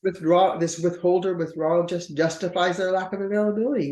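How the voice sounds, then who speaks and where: A woman's voice: lowish voice, steady tone, fairly quick, mellow. A woman couples therapist explaining patterns in a conversational interview, often acting out what partners say. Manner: acts out partners' voices in quoted dialogue. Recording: roomy echo.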